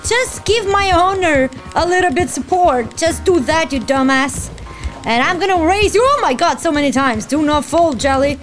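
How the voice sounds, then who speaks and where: A woman hosting a let's-play video, giving excitable, playful reaction commentary and teasing the game characters. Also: sits high, normal speed, faint music behind. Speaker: gaming video host.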